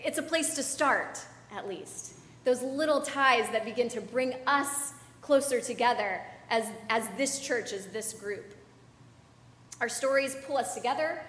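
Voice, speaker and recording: High-voiced woman preaching in echoey church. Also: a bit bright, slight background noise. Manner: conversational, chatty with fillers and audience asides. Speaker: pastor. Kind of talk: sermon. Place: church sanctuary.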